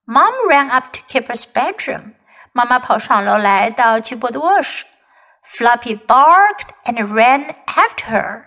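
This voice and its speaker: A woman, a native Mandarin speaker, teaching English by reading a children's story aloud in slow, expressive storytelling. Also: fairly high pitch. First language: Mandarin Chinese.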